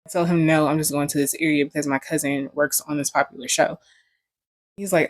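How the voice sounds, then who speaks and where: A woman's voice: deep voice, fairly even intonation, fairly quick, dry recording. Young woman vlogger, casual storytelling, profane and joking, dry close sound.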